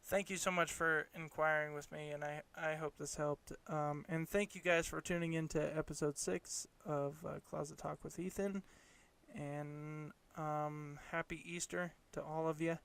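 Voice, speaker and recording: A man's voice: on the high side, flat delivery, measured pace, vocal fry, fairly bright tone, clean tone. A man hosting a podcast, giving casual advice in an encouraging, rambling way with frequent restarts. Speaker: podcast host.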